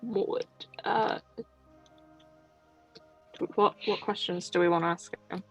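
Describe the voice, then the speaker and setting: A woman playing a tabletop game over a voice call, easygoing and quick to laugh. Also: medium pitch, steady tone, fairly bright tone, faint music behind, poor audio. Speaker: player. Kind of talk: casual tabletop game chat with in-character lines. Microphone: computer mic on a voice call.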